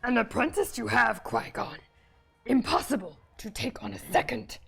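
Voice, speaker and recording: A woman's voice: on the high side, animated, moderate pace, creaky, soft background music. A woman voicing a tiny, ancient, cheeky Jedi master who speaks with inverted word order. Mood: wise.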